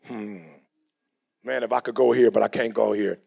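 A man's voice: lowish voice, fairly even intonation, normal speed, vocal fry, a little mellow, husky. A middle-aged man giving a motivational speech in a preachy, slangy way, acting out the people he quotes. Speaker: motivational speaker.

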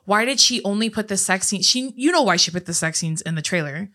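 A woman's voice: mid-range voice, expressive, a little fast, sharp tone. A woman co-hosting a casual podcast, chatting about movies and reading listener questions. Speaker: podcast co-host. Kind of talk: casual chat.

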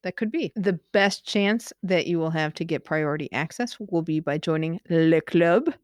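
Chatty female podcast co-host, low-pitched, dry studio sound. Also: normal speed, no echo. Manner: chatty, laughs often. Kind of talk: casual podcast chat.

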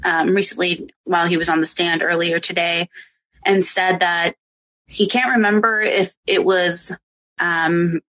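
A woman's voice: lowish voice, steady tone, measured pace, a bit bright, poor audio. A woman hosting a podcast, chatting casually and recounting clips with lots of filler words. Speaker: podcast host. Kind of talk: casual chat.

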